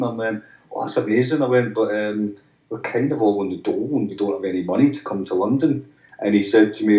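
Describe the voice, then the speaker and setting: A man with a lowish voice tells stories as an interview guest, circling back and restarting often. He slips into the voices of the people he quotes. He sits away from the mic in a roomy space, and the sound is dull. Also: steady tone, fairly quick, a little mellow, distant mic. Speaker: musician guest. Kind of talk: anecdotal interview chat.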